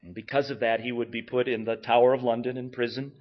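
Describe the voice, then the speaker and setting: A man preaching a sermon with animated delivery and rhetorical questions, moving between loud emphasis and hushed, intense lines. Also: medium pitch, fast. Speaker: pastor. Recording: dull lo-fi recording.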